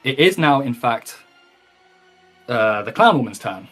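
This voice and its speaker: A man's voice: mid-range voice, big pitch swings, a little slow, a bit bright, faint music behind. A man narrating a tabletop game as game master, rambling along with many ums and likes and the odd swear word.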